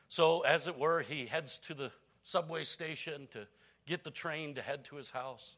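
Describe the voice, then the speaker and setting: A pastor preaching a sermon to his church, telling a story with big swings from quiet, hushed lines to loud, raised ones. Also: mid-range voice, moderate pace.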